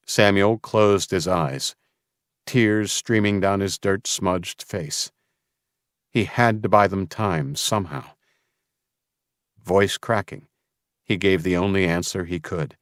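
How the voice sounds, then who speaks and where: Slow, low-voiced male audiobook narrator. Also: fairly bright tone, dry recording, clean studio sound. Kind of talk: scripted narration.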